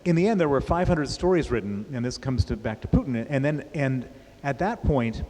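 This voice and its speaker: Telling his story plainly during an onstage festival interview, a middle-aged author keeps repeating and restarting words. He speaks expressively and fairly quickly in a warm, mid-range voice, and the large hall with its audience adds reverb and faint hiss.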